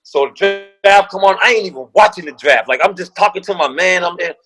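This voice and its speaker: Over music on a low-quality recording, a man with a high voice talks fairly quickly. He's a guest and former pro basketball player, telling a lively, slangy, profane story and imitating the voices of the people he quotes.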